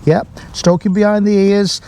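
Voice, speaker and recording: A man, a dog trainer, explaining a training exercise outdoors in a calm, explanatory way, with sharp calls to the dog. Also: high-pitched, moderate pace. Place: outdoors in a field.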